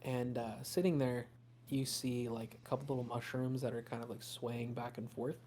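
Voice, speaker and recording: A man's voice: mid-range voice, level tone, moderate pace, darkish tone, slight background noise. A man narrating as game master of a tabletop game, casual and rambling, with many fillers.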